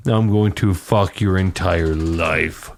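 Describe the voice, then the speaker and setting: A man's voice: sits low, takes it slowly, vocal fry, slight background noise. A man co-hosting a podcast, bantering crudely in casual chat. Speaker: podcast co-host.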